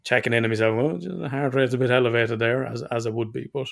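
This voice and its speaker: A man's voice: medium pitch, fairly even intonation, fast talker, gravelly. An Irish man telling rambling stories in casual podcast chat and swearing freely. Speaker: podcast co-host.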